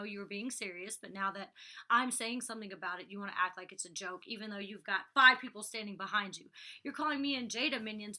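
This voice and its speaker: Recapping an episode of her reality show, a twentysomething woman chats through a laid-back vlog with plenty of "like" and "you know." She speaks with a fairly high, bright, forceful voice.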